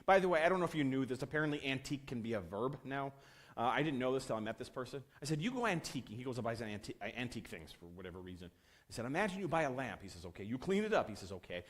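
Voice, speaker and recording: A man giving a conference talk, telling a work story in a casual, animated way and acting out the quoted lines. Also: medium pitch, brisk. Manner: animated, acts out quotes with a swinging voice. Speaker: conference speaker.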